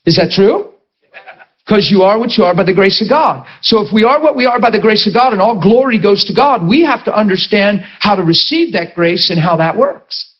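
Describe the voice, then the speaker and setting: Mixing funny anecdotes and rhetorical questions aimed at his audience, this middle-aged preacher speaks in a lively, conversational way, a little quickly and high-pitched for a man. Sound quality is muffled and lo-fi.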